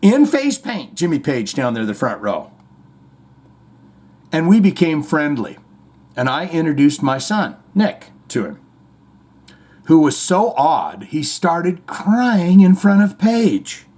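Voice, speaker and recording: Animated, sarcastic male podcast host. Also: a little high, slow pace. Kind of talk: comedic commentary on played clips.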